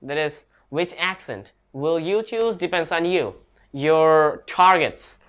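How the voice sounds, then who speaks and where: A man's voice: a little high, a bit bright, clean tone. A man giving a casual online English lesson, speaking hesitantly with restarts and non-native grammar. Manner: slow, hesitant talk with restarts. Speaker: English teacher.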